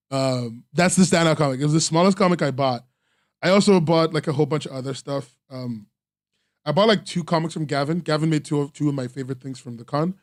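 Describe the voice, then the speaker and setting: Male podcast host, tired, rambling casual chat with fillers, fairly high voice, dry sound. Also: no room sound. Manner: rambling, self-deprecating, frequent ums and laughs. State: tired, sore from three days at a convention.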